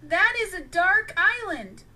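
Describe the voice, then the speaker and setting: Storybook villain: a woman doing a man's evil other self, flat, weary, high. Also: slow, full character voice. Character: dark evil male alter ego.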